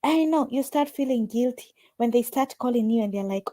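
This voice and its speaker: A woman's voice: on the high side, brisk, hardly any pauses, no echo. A woman hosting a casual group call, talking emphatically and telling stories with lots of feeling. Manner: emphatic, animated storytelling.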